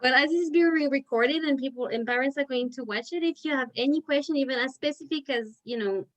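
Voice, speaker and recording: A woman's voice: high-pitched, quick pace, poor audio. A woman teacher leading a parent education session over a video call, talking in a chatty, filler-heavy way. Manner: chatty, with many "like" fillers and restarts. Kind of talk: casual explanatory talk.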